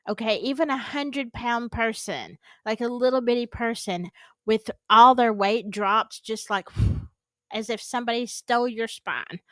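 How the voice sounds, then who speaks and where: A woman with a Southern US accent hosting a casual reaction video, chatty and animated, laughing often and repeating herself. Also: fairly high pitch, dry recording. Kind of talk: casual chat reacting to clips.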